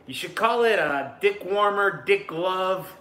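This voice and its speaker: Young male co-host, crude joker, high and bright, echoey room. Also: lively intonation, measured pace. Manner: crude, joking, slips into put-on voices. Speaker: podcast co-host. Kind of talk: crude casual banter. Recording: echoey room, faint background hum.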